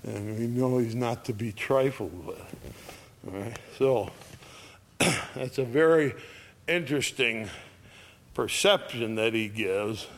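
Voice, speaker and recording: A man preaching a sermon in a slow, folksy way, repeating phrases and lifting his voice at high points. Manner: slow, folksy, repetitive preaching with sudden lifts in voice. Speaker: pastor.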